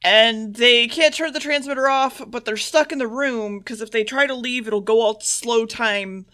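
A woman co-hosting a podcast, recapping an episode in loose casual chat with swearing and quick character asides. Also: on the high side, pushed and bright. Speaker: podcast co-host.

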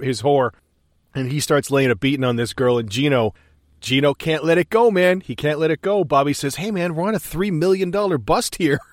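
A man's voice: medium pitch, dry recording, studio quality. A male podcast co-host recounting a film scene in casual chat, laughing often and swearing freely. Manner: laughing storyteller, profane.

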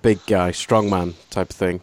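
A man's voice: low-pitched, fairly even intonation, moderate pace. Wry Welsh man telling a story. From Wales. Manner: wry, self-mocking storyteller. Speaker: podcast co-host. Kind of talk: casual anecdote telling.

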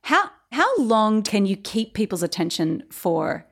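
A woman hosting a podcast interview, enthusiastic, with quick affirmations. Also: mid-range voice, very animated. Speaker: podcast host.

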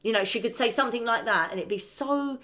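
Animated woman chatting. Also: on the high side, quick pace. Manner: animated, acts out quoted voices. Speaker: podcast co-host. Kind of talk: casual chat.

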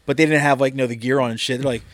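A man rambles through a crude, joking story, swearing freely as he chats. His voice sits at an ordinary pitch and is recorded dry and close, with no room sound. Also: fairly even intonation, very fast, no room sound. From Delaware, US. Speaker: podcast co-host. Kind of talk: casual chat.

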